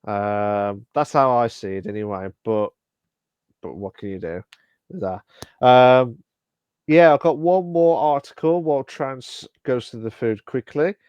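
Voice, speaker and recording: Smooth-voiced man chatting casually. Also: mid-range voice, darkish tone, dry recording, dull audio. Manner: halting, many fillers and restarts. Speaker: podcast co-host. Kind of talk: casual live-stream podcast chat.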